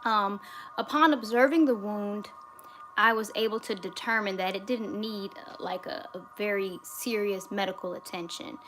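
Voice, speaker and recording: A woman hosting a casual livestream from home, reading viewer comments aloud in a relaxed way, with fillers. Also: mid-range voice, normal speed, slight background noise. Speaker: livestream host. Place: home in the US state of Georgia.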